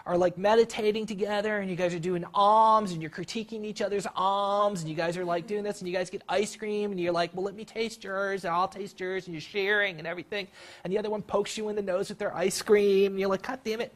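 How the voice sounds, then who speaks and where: Animated workshop leader guiding a group. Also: quick pace. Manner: animated, acts out scenes with big jumps in pitch; repeats words and restarts often. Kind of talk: guided group exercise talk. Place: room with a live group.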